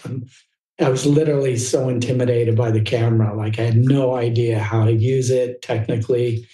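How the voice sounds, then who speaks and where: A man's voice: mid-range voice, fairly even intonation, moderate pace, dark tone, echoey room, poor audio. A middle-aged man from Southern California, telling his story as a podcast guest in a candid, rambling way. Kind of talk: casual storytelling interview.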